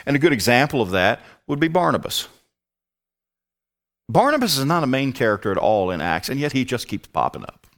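A man's voice: mid-range voice, big pitch swings, brisk, a bit bright. A man teaching a Bible study, emphatic and prone to rhetorical questions.

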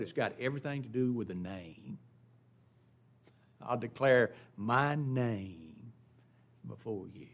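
A man preaching a sermon as pastor, drawing out quoted scripture and rising in emphasis on key points. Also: fairly high pitch.

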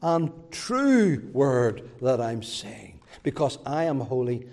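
A man's voice: medium pitch, sing-song, takes it slowly, gravelly, darkish tone. A man preaching a sermon as pastor, emphatic, with rising swells and many repetitions. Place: church. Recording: long church reverb.

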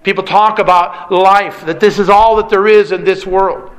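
A man's voice: high-pitched, steady tone, moderate pace, low-quality recording. A man preaching a sermon with an emphatic, repetitive cadence. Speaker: pastor.

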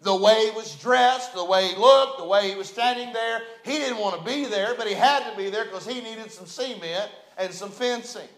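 A man's voice: high-pitched, moderate pace, hardly any pauses, fairly bright tone. A middle-aged man with a West Virginian accent preaching a folksy, conversational storytelling sermon in a church sanctuary. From West Virginia, USA. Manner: folksy, conversational, repeats phrases. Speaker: pastor. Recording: roomy church echo.

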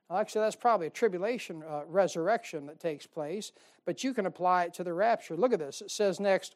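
A woman with a medium-pitched voice preaches a Bible-study sermon, chatting with listeners through rhetorical questions. When reading scripture, she slows down and grows louder.

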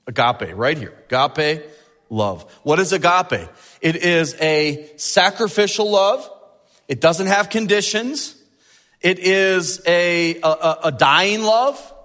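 Brief: male pastor, sermon, somewhat high voice, animated and emphatic, long hall reverb. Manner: animated, rising emphasis and drawn-out key words.

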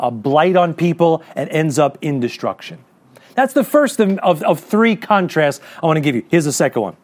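Male pastor, high and animated voice, casual preaching with rhetorical questions. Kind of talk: sermon.

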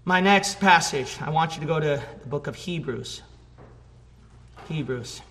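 A male preacher delivering a fervent sermon, high and bright in tone, building from quiet talk into shouted emphasis. His voice rings through a church hall with long, echoing reverb. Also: unhurried.

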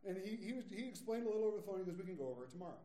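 A man in his forties delivers a sermon with a lively, swooping delivery, his voice mellow and slightly higher than most men's. He talks casually, as if chatting with the congregation, and acts out little quotes along the way. The sound rings around an echoey church hall. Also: rapid-fire. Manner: conversational storytelling with acted quotes. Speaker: pastor. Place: church sanctuary.

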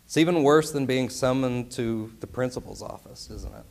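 A man's voice: medium pitch, normal speed, gravelly, a little mellow. A man preaching a sermon in an earnest, emphatic way, often turning to his listeners with rhetorical questions.

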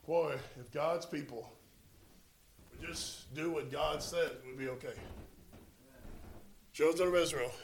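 A high-voiced man preaching a sermon, drawing his listeners in with a story. He moves from quiet, low narration to loud, urgent exhortation. The sound carries the echo of a large room. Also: slow pace, long pauses, slight background noise.

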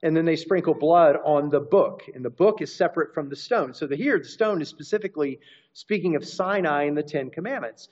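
A man's voice: on the high side, brisk, darkish tone. A man preaching a teaching sermon, explaining scripture and restarting phrases as he goes. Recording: dull lo-fi recording.

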